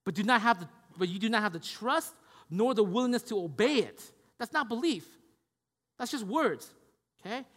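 A man preaches a casual, conversational sermon, repeating himself and checking in with listeners through lines like "right?" and "you guys get me?". His voice is high-pitched, fairly bright and expressive, at a normal speed, with long hall reverb.

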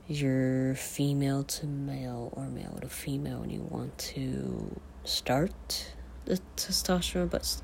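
A podcaster talking in a casual, confessional way, a man whose voice is changing and cracks now and then. He talks haltingly, with many fillers and restarts. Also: mid-range voice, a little mellow, slight background noise.

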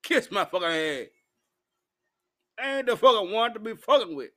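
High-voiced guy, drunk and hiccuping, cussing and rambling nonstop. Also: sing-song, moderate pace, fairly bright tone. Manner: profane, combative, rambling. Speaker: vlogger. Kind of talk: drunken ranting monologue.

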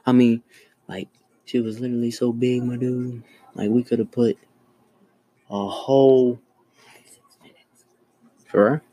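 A young man telling jokes in casual slang, loud and animated, teasing his friends. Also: mid-range voice, measured pace, long pauses, breathy edge, rough recording. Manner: loud, animated storytelling with slangy trash talk. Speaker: joke teller.

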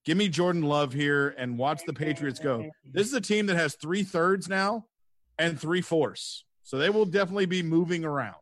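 A man's voice: on the high side, moderate pace, fairly bright tone, dry recording. A man on a casual sports panel who talks playfully and throws in jokey nicknames.

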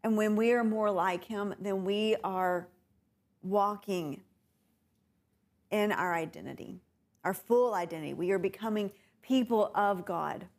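A woman teaching a bible class, unhurried and often laughing with her students. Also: medium pitch. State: tickle in throat, coughing.

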